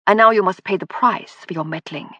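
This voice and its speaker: A cold, mocking spy speaks with clipped politeness and a husky edge, as a woman narrator puts him on. His dry, close voice carries a steady threat. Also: medium pitch, brisk, no room sound, lo-fi sound. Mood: menacing. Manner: sneering, coldly polite. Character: arrogant German male spy, cold and mocking.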